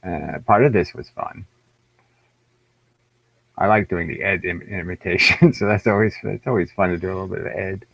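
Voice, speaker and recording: A man's voice: sits low, moderate pace, creaky, pauses often, a bit bright, slightly rough, no room sound. A man with an American accent hosting a live stream alone, rambling in a wry, profane, self-mocking way. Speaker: livestream host. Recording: dull lo-fi livestream audio.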